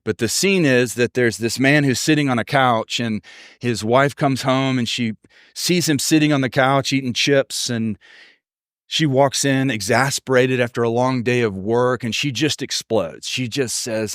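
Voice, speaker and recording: A man's voice: medium pitch, steady tone, normal speed, no room sound, studio quality. A man preaching a sermon as pastor, telling stories and acting out the voices of people he quotes. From Texas. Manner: storytelling, acts out quoted voices.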